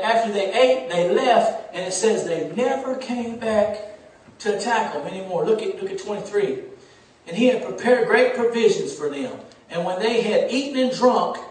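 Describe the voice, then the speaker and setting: A man preaches a sermon in a high voice that rises to shouts and drops to near whispers. He is recorded from a distance in a very echoey church room. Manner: swings from loud preaching to hushed near-whisper, Southern US dialect. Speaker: pastor.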